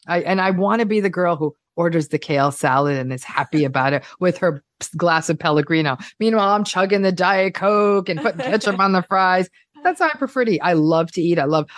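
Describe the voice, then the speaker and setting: A woman clinical psychologist talking casually on a podcast, animated and playful, acting out everyday examples. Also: fairly low pitch, no echo, clean studio sound.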